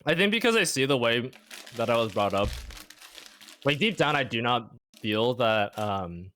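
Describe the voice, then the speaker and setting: A young man speaking as an interview guest in casual chat, reflective and halting, leaning heavily on "like.". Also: mid-range voice, animated, a bit bright, slight background noise. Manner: reflective, halting, heavy use of "like".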